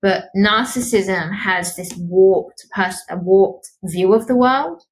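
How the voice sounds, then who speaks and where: A woman's voice: mid-range voice, slow pace, rough recording. Woman explaining psychology on a podcast. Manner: explanatory, academic. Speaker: psychologist co-host. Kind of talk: podcast discussion.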